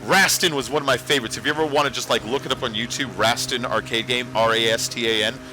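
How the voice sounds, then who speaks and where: A man's voice: medium pitch, steady tone, quick pace, sharp tone, a little hiss or hum. A man hosting a casual livestream, rambling and talking back to his chat. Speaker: livestream host.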